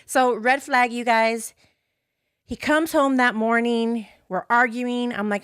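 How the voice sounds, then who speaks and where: A woman's voice: on the high side, steady tone, measured pace, fairly bright tone, clean tone, no echo. A woman hosting a podcast, telling a painful personal story candidly and with strong emotion, swearing freely and acting out quoted lines. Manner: acts out quoted lines in changed voices. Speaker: podcast host.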